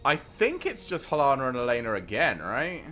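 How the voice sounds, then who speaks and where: A man's voice: mid-range voice, huge pitch swings, brisk, pushed and bright, faint music behind. A British man in his thirties, a streamer chatting to viewers while playing a card game. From Britain. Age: 30s. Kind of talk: casual gameplay commentary.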